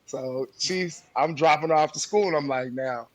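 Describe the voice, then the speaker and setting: A man's voice: a little high, moderate pace, a crowd in the background. A man co-hosting a podcast, telling a parenting story in casual chat and acting out the quotes while he laughs. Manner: animated, laughing storyteller who acts out quotes. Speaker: podcast co-host.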